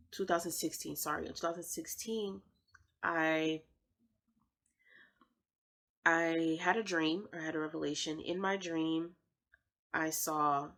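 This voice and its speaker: A woman's voice: low-pitched, a bit bright, low-quality recording. A young woman sharing a personal faith testimony, earnest and heartfelt, often repeating her phrases for emphasis.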